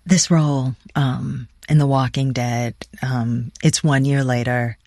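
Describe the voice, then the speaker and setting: An attentive interviewer with a mid-range voice gently draws a guest out, offering short prompts and quiet acknowledgements. The sound is dry and close. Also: medium pitch, fairly even intonation, slow pace, no room sound. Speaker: interviewer, host. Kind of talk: interview questions.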